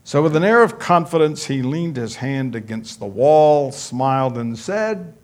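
A male pastor preaching a sermon in a measured storytelling way. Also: medium pitch, animated.

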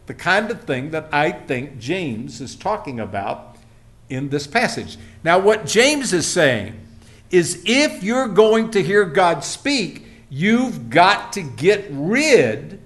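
A man's voice: fairly high pitch, a bit bright. A man preaching a sermon, telling folksy stories and acting out the people in them. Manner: folksy storytelling, acts out quoted voices. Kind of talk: sermon with anecdotes.

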